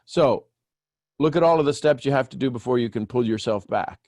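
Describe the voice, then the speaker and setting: A man leads a group coaching session over a video call. His voice jumps up high when he gets animated and teases the group. The sound is dry and close, with no room around it. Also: fairly quick, no room sound. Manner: animated, teasing, questioning step by step. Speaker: host coaching callers.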